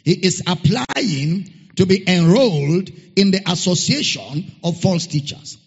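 A pastor preaching a sermon, emphatic and repetitive, sometimes singing words. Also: male voice, high voice, breathy edge. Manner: emphatic, repeats key phrases, sings some words. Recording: dull lo-fi recording in a reverberant hall.

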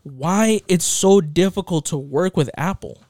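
A man's voice: fairly high pitch, a little slow, darkish tone, no echo, studio quality. A young man co-hosting a casual podcast, talking emphatically and repeating himself, calling friends bro and dude. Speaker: podcast co-host. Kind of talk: casual chat.

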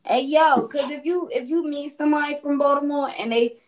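Maryland woman, slightly high voice, lively casual chatter. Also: brisk. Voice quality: lightened voice, naturally deep. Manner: animated, laughs, mimics accents. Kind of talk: casual chat.

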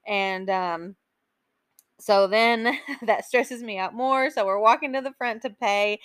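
A woman's voice: a little high, fairly bright tone, clear, resonant tone, dry recording. A woman hosting a podcast, telling a personal story in a casual, emotional way, with many "like"s and "um"s. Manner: chatty, emotional storytelling full of "like" and "um". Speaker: podcast host.

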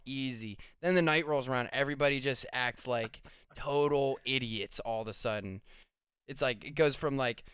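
Young man, very smooth clear voice, dry close sound, casual storytelling, laid-back, swears often. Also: medium pitch, fairly bright tone, no room sound. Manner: laid-back, swears a lot, lots of "like" and "dude".

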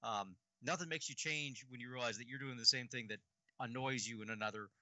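A man's voice: medium pitch, a little fast, bright, forceful tone, no room sound. A man, a writer, chatting thoughtfully about his craft with fillers and a pun here and there. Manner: thoughtful, uses fillers, punny. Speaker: writer, guest. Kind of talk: casual chat.

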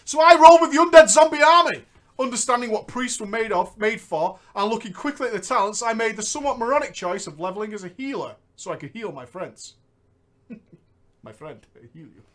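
A man's voice: very high-pitched, lively intonation, fast talker, a bit bright. A man telling a gaming story in a giggly, bantering comedy chat. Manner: giggly, banters between lines. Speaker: podcast host reading a story.

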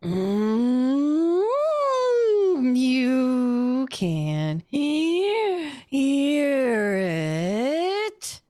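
A woman voicing a mournful shadow spirit, with a long, raspy, windy voice that draws out its words and sounds close to tears. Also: sits high, sing-song, mellow, dry recording, voice pushed up, full character voice. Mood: haunting. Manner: drawn-out, pleading, tearful.

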